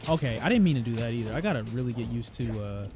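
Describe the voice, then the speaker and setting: Young man, gaming commentary, excitable, trash talk, game music behind. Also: mid-range voice, very fast. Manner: excitable, trash-talking, shouts at enemies. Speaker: gaming streamer. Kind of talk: let's-play commentary. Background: game soundtrack.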